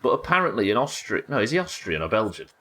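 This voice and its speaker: A young man with a broad Yorkshire accent, commenting on his gameplay to a live chat. His voice sits low but moves a lot in pitch, and he drifts between muttered asides and livelier chatter, swearing casually. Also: sing-song, fast talker, a bit bright. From Yorkshire, England. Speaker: livestreamer.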